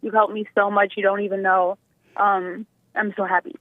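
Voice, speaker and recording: A woman's voice: mid-range voice, level tone, normal speed, dry recording. A young adult woman calling a radio show, emotional and close to tears, rambling with many fillers. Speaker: caller. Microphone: telephone. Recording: tinny phone line.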